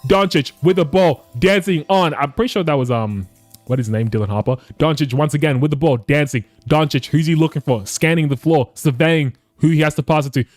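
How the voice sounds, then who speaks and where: A man commentating his basketball video game for his viewers, excitable and swearing often, calling them boys. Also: fairly high pitch, brisk, no room sound, faint music behind. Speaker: gaming YouTuber.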